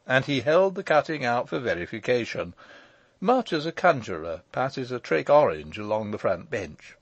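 A man narrating a classic novel as an audiobook in a measured storytelling manner. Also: mid-range voice, animated, no echo, lo-fi sound.

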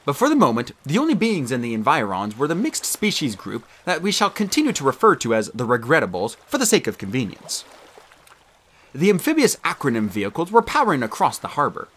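A man reading a children's novel aloud as an audiobook narrator, expressive and animated. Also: mid-range voice, brisk.

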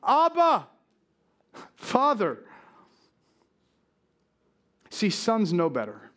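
A middle-aged male pastor delivers a lively, animated sermon, voicing people's worries as if quoting them and often restarting with stammers. His pitch is fairly high.

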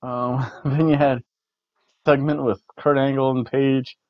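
A man hosts a casual review chat, rambling along and often restarting his sentences. His voice sits at an ordinary middle pitch. The recording is dry and a little dull. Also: little pitch movement, unhurried, dry recording. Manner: rambling, repeats words, food-rating jokes. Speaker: podcast co-host reviewing wrestling.

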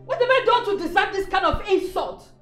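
An actress playing a furious, jealous politician's wife who shrills with indignation. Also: female voice, very high voice, animated, brisk, a bit bright. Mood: outraged. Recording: echoey room, music under.

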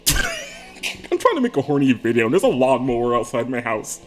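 A man talking to camera in a casual comedic monologue from an attic room, excitable and giggly, rambling with frequent laughs and yelps. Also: mid-range voice, normal speed. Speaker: video creator.

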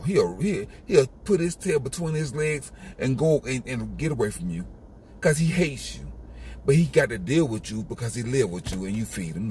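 A man's voice: mid-range voice, very animated, moderate pace, warm tone, slight background noise. A man giving an emphatic, repetitive motivational monologue in a casual street style. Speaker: motivational speaker.

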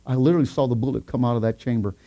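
A man preaching a sermon as pastor, telling a story with quoted voices and rising to excited shouts. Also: mid-range voice, racing. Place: church sanctuary.

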